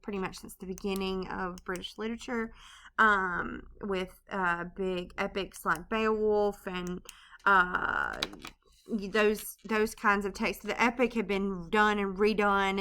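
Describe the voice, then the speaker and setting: A woman gives a recorded literature lecture in a loose, conversational way, stopping often for ums and restarts. Her voice is bright and forward, with a clean, clear tone. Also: medium pitch. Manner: casual, loose delivery with many ums and restarts. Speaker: literature teacher.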